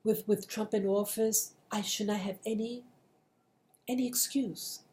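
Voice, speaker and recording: Unhurried and a little mellow, her mid-range voice keeps a fairly even intonation. The middle-aged video blogger delivers an earnest motivational monologue to camera, repetitive and full of restarts.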